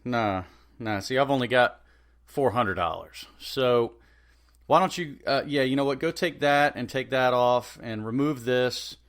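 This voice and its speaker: A man voicing a demanding, indecisive shopper at a checkout, talking loud and fussy. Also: medium pitch, unhurried. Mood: bossy, fussy.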